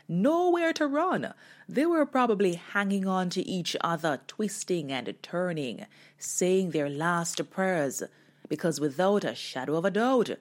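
A woman hosting a devotional talk, delivering her message with dramatic storytelling. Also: fairly low pitch. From Jamaica. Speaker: host. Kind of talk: devotional sermon.

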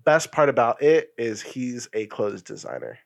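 A man co-hosting a casual podcast chat, an animated storyteller who swears often and acts out what people said. His first language is Spanish. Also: mid-range voice, normal speed, gravelly. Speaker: podcast co-host.

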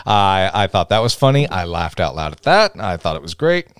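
A man with a low voice hosts a casual movie podcast. He is animated and keeps slipping into funny voices to act out scenes. The sound is dry and close, with no room echo. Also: brisk. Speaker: podcast host. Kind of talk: casual chat.

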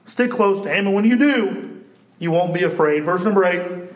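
A man preaching a sermon in a church, animated and shouting at times, then dropping to a hush. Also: sits high, moderate pace. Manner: animated preaching, swinging from loud to hushed. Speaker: pastor. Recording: echoey church room.

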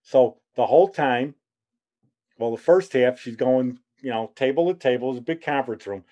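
A man's voice: mid-range voice, moderate pace, dark tone, muffled recording. A middle-aged man hosting a show, telling a long personal story in a rambling, self-deprecating way. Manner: rambling, self-deprecating humor, many fillers and asides. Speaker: show host.

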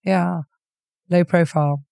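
A woman's voice: lowish voice, fairly even intonation, takes it slowly, vocal fry, warm tone, dry recording, studio quality. A woman hosting a casual interview, encouraging her guest and reading out questions. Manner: friendly, encouraging, prompting the guest. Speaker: podcast host.

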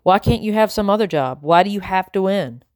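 A woman's voice: mid-range voice, animated, brisk, no room sound, voice pushed up, natural voice. Woman voicing a distraught young boy, storybook, pleading, raised voice, dry close audio. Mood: upset. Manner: pleading, rising to shouting. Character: upset young boy confronting his father.

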